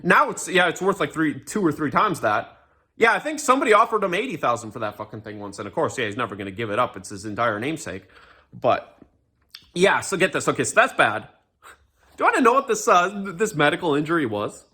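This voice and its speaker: Young male ranter, bright and lively delivery, sneering sarcasm, swears freely, casual commentary. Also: a little high, fast talker, slightly rough. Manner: sarcastic, profane, mocking, with frequent fillers and restarts.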